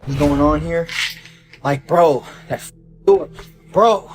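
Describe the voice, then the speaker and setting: A man's voice: a little high, slow, music in the background. A frightened young man, a night shift store clerk, filming himself on his phone inside a small shop, swearing and calling everyone bro. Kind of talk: self-filmed phone video. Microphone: handheld phone.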